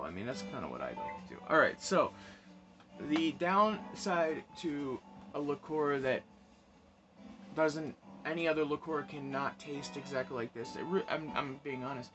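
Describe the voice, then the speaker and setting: A man's voice: on the high side, expressive, a little slow, low-quality recording. Chatty man hosting a cocktail show. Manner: chatty, enthusiastic, laughs often, repeats himself. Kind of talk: casual spirits review vlog. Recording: music playing behind.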